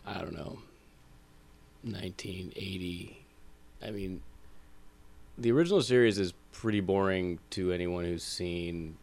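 A man in his thirties, a podcast guest, talking in a hesitant, low-key way. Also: measured pace, gravelly, long pauses, a little mellow. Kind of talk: casual interview chat.

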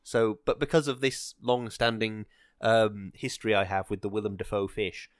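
Low-voiced hesitant man chatting. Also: little pitch movement, normal speed, no echo, clean studio sound. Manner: rambling, hesitant, many fillers and restarts. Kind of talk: casual film chat.

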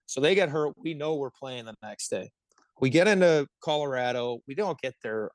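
A man in his thirties from the Pittsburgh area, a hockey player telling animated stories as a podcast guest, laughing often and swearing freely. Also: medium pitch, moderate pace, no room sound. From Pittsburgh area, United States. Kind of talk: casual podcast storytelling.

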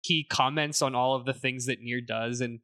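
A man hosting a casual podcast, recapping a game's story in an animated way with fillers. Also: mid-range voice, normal speed. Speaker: podcast host summarizing a game. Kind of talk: casual chat.

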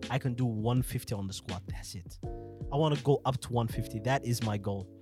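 A man's voice: mid-range voice, fairly quick, mellow, faint music behind. A man in his twenties chatting casually on a podcast, laughing and swearing. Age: 20s. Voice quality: laughing, profane banter. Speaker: podcast host. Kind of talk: casual chat.

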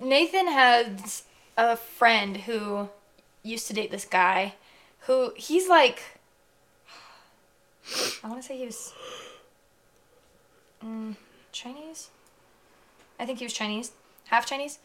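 A young woman co-hosting a podcast in casual chat, rambling with lots of fillers and animated outbursts. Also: a little high, slow pace, pauses often. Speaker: podcast co-host.

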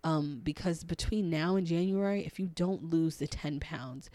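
A woman with a raspy, hoarse voice, hosting a casual solo podcast in a chatty, encouraging way. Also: low voice, moderate pace, warm tone, no room sound. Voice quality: raspy, losing her voice. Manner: chatty, encouraging, many ums and you-knows. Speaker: podcast host and life coach.

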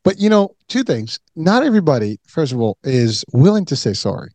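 A man interviewing a guest, speaking in a halting way with many restarts. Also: fairly high pitch, big pitch swings, a little mellow, no echo. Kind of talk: interview conversation.

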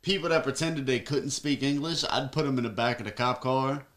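A man's voice: mid-range voice, brisk, a bit bright. A man co-hosting a podcast, chiming in with dry, teasing remarks. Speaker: podcast co-host. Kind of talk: casual chat.

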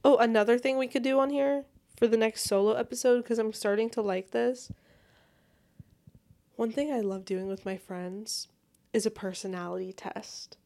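A woman's voice: fairly high pitch, steady tone, moderate pace, creaky, dark tone. A young woman hosting a solo podcast, chatting in a bubbly, rambling and casual way while lying in bed at home. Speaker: podcast host.

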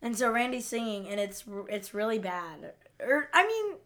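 A woman's voice: fairly high pitch, sing-song, fairly bright tone. Chatty woman podcast co-host. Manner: chatty, quick to laugh, agreeing. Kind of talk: casual chat recapping a TV episode.

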